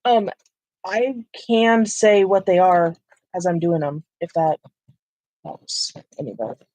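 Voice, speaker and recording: A woman's voice: lowish voice, slow, dark tone, no echo, rough recording. A woman casually chatting and joking while sorting coloring pencils at home, reading out viewer comments. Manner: playful, reads viewer comments aloud. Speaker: coloring channel host.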